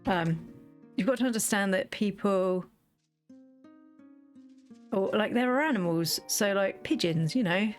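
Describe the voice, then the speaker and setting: A woman's voice: mid-range voice, measured pace, pauses often, faint music behind. Chatty woman telling stories. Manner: chatty storytelling, lively quoted asides. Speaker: gaming video creator. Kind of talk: casual chat while playing.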